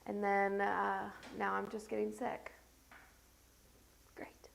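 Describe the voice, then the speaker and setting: A woman's voice: medium pitch, completely flat delivery, slow, vocal fry. A woman with a stuffed-up, scratchy congested voice hosts a casual get-ready-with-me makeup livestream from her home set. She rambles with lots of fillers while doing her makeup.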